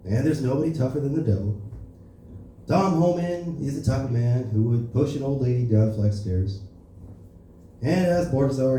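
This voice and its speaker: A stand-up comedian at an open mic impersonates a pompous, crude, boastful old politician in a brash, rambling, self-important voice. His mid-range voice has a very dark, mellow tone and stays close to natural. Picked up by a distant stage microphone, the club sounds echoey, with slight background noise.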